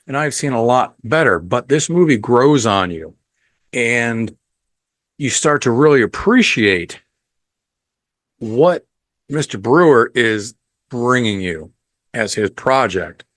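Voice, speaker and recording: A man's voice: mid-range voice, expressive, fairly bright tone, dry recording. A man hosting a podcast, giving a casual, rambling film review full of ums and blunt profanity. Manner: unhurried, rambling with frequent ums.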